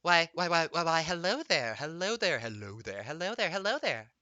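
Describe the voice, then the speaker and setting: A man's voice: on the high side, very animated, normal speed, bright, forceful tone, no echo, rough recording. Man doing a stuttering bird-woman mimic. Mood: coy. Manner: stutters and repeats words like a mimic. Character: flirty female bird-person bard, mimic.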